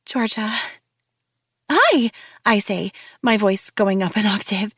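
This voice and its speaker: A woman's voice: mid-range voice, little pitch movement, normal speed, fairly bright tone, breathy edge, dry recording. A woman narrating a first-person audiobook in a nervous, breathless storytelling manner. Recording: dull, dry studio read.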